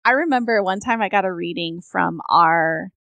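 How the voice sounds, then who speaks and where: A woman's voice: fairly low pitch, normal speed, vocal fry, a bit bright, no echo, muffled recording. Chatty woman podcast host, dry sound. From Georgia, US. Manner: open, chatty storytelling. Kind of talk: casual podcast conversation.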